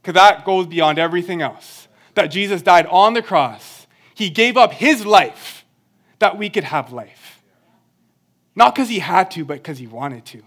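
A man's voice: high voice, animated, unhurried, fairly bright tone. A young man giving an earnest, conversational sermon with self-deprecating humor. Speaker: church speaker.

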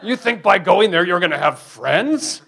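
A man putting on the voice of a sneering demon, the dark side of Gollum, taunting another. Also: sits high, expressive, moderate pace, vocal fry, voice pushed up, heavily acted. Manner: taunting, mocking.

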